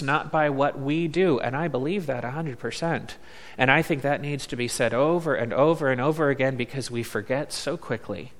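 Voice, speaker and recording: A man preaching a sermon as a pastor, slow and deliberate, leaning on words with emphatic pauses. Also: on the high side, a bit bright. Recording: long reverb of a large hall.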